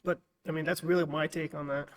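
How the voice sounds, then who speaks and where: A man's voice: fairly high pitch, level tone, quick pace, rough recording. A man speaking as a guest in a casual podcast chat, explaining his view earnestly and thoughtfully.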